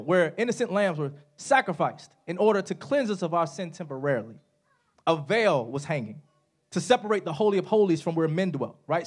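A man delivering a sermon in a church sanctuary, his high voice swooping through a wide range. He drops soft at the ends of phrases and builds to shouts at the peaks. He talks casually to the congregation and has them repeat words back to him. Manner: animated preaching, calls on the congregation to repeat words; casual, says "y'all" and "right?". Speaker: preacher.

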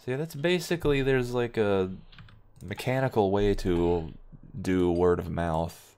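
A man's voice: lowish voice, measured pace, darkish tone, smooth. A young man giving offhand, wry let's-play commentary as he plays a game, muttering remarks to himself. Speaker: gaming video host.

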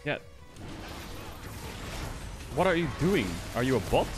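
A man's voice: on the high side, animated, slow pace, music in the background. A young man streaming a video game and commenting live, exasperated with his teammates, swearing and laughing in disbelief.

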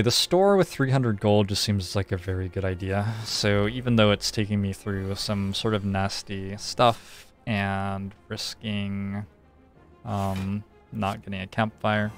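Male streamer, deeper register, unhurried over-explainer of every move, soft game music under him. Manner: relaxed, thinks aloud, explains at length with frequent "like". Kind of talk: casual live-stream gameplay commentary.

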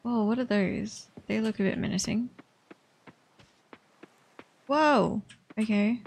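A woman's voice: on the high side, takes it slowly, vocal fry, a little hiss or hum. A woman giving casual let's play commentary as she explores a game, chatty and hesitant with many fillers, breaking into squeals of delight at cute animals.

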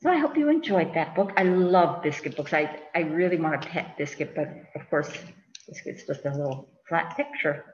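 A woman's voice: deep voice, animated, moderate pace. Sing-song woman reading picture books aloud. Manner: chatty, sing-song, fussing with the book on camera. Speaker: children's librarian. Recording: roomy, dull lo-fi with faint hiss.

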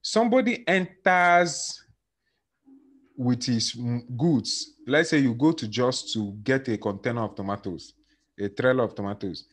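A male law lecturer with a Nigerian accent teaches in a lively way, throwing questions at the class and acting out bits of dialogue. His pitch sits in the middle for a man but swings widely. He tells stories to make his points. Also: unhurried. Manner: animated, acts out dialogue and questions students.

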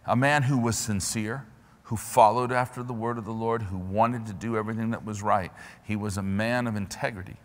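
A man preaching a sermon, building from quiet earnest pleading to loud fervent declarations. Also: on the low side, a little fast, big-room sound.

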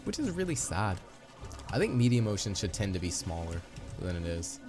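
Young male let's-play host, chatty and upbeat, low voice, game music underneath. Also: very animated, moderate pace. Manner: chatty, upbeat, playful asides. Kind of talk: casual gameplay commentary.

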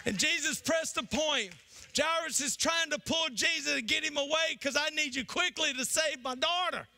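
A man preaching a sermon as pastor. He shouts in bursts, drops low, and acts out the people in the story. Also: moderate pace, soft background music.

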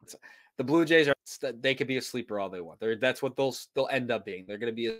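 A man's voice: mid-range voice, quick pace, a bit bright, no echo. A man co-hosting a baseball podcast in a casual chat, speaking emphatically and repeating phrases. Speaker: podcast co-host.

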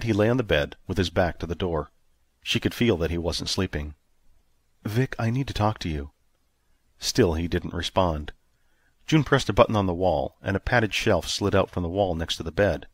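Male audiobook narrator, deep low voice, dry close recording, steady reading. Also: dry recording. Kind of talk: scripted narration.

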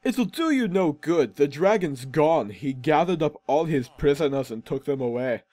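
A man's voice: fairly high pitch, animated, dark tone, close to an everyday voice. A man voicing a frail, weary old male prisoner in a put-on accent, reading game dialogue. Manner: a put-on odd accent, halting delivery. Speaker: gaming commentator voicing a game character.

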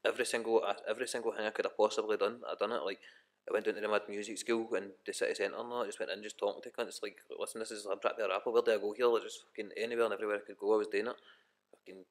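A man's voice: on the low side, steady tone, rapid-fire. A young Scottish man, a rapper guest, chatting casually on a podcast, swearing a lot and rambling with many restarts. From Scotland.

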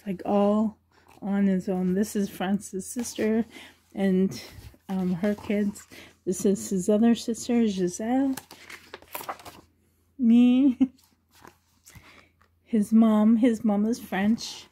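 A woman's voice: medium pitch, steady tone, drawn-out words, pauses often, dark tone. A middle-aged woman vlogger chatting casually and rambling, with frequent giggles as she shows things. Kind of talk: casual show-and-tell chat.

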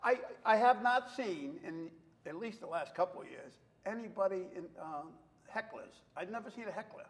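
Man, talk show host, high voice, quick interjections. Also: animated. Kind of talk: casual chat.

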